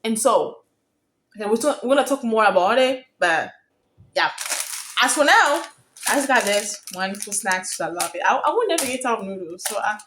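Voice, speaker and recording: Young woman, vlogger, slightly high-pitched, talkative, excitable, gets loud. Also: moderate pace. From Africa. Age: young adult. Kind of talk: casual storytime vlog.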